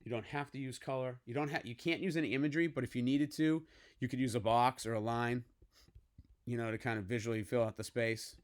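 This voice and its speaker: A man's voice: medium pitch, steady tone, fast talker. A man teaching a typography class activity, talking casually and checking in with "okay?" as he works through an example on screen. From United States. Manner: casual, coaxing, frequent "okay?" check-ins. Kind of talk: screen-recorded classroom tutorial.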